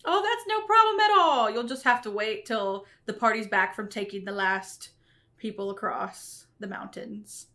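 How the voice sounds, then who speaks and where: Woman voicing a gruff dwarf king. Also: medium pitch, sharp tone, lightly acted. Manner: courteous, measured royal speech. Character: stoic gruff male dwarf king, bearded.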